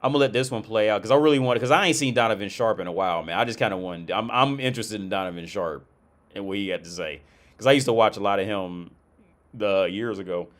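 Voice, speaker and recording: A man's voice: lowish voice, fast. A man hosting a livestream, commenting on clips in a blunt, crude, rambling way and often restarting his sentences. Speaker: livestream host.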